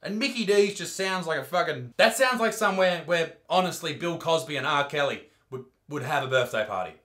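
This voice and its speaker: A man's voice: fairly high pitch, lively intonation, fairly quick, bright, forceful tone. An Australian man doing a crude, mock-outraged comedy rant, reacting to clips.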